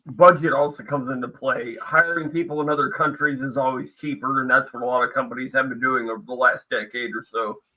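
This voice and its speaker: Blunt, very bright-voiced man. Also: mid-range voice, fairly even intonation, a little fast, distant mic, poor audio. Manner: blunt and crude. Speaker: podcast co-host. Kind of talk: casual tech podcast chat.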